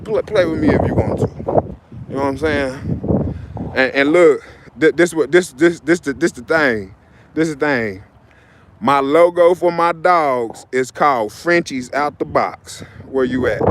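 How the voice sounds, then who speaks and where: Slight background noise accompanies a man with a voice on the high side as he hosts a casual livestream. Outdoors by his vehicles and filming on a phone, he rambles loosely and repeats himself.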